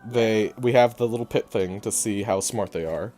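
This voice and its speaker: A man's voice: fairly low pitch, moderate pace, darkish tone, soft background music. Joking young man on a voice call. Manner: joking, swears casually, laughs often. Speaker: player in a tabletop game. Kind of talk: casual chat over voice call.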